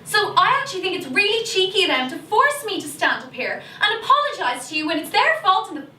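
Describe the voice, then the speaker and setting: A woman's voice: very high voice, sing-song, brisk, sharp tone, exaggerated voice. A woman performing a monologue as an Irish teenage schoolgirl who is sheepish yet defiant, speaking in a chatty, confessional way with an Irish accent. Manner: chatty, confessional, slips into gossipy asides. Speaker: stage actor performing a monologue. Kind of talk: theatrical monologue. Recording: echoey room, distant mic, noisy video call.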